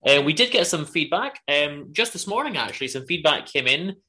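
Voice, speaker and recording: A man's voice: fairly high pitch, sing-song, brisk, sharp tone. A man co-hosting a book podcast, chatting casually with lots of fillers and upbeat plugs. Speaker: podcast co-host. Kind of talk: casual chat.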